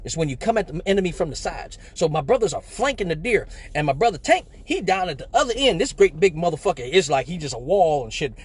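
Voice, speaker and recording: A live show host tells a profane comic story on a live stream, animatedly acting out voices and sounds. He talks fast with few pauses in a husky voice on the high side, picked up by a phone or webcam mic.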